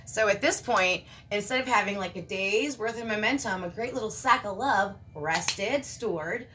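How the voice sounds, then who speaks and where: A woman giving a casual spiritual monologue, animated and emphatic, swearing casually. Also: mid-range voice, moderate pace, noisy background. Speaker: spiritual vlogger.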